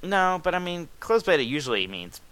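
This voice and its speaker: A young man hosting a casual gaming podcast, animated and quick with asides and laughs. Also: a little high, smooth. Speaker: podcast host.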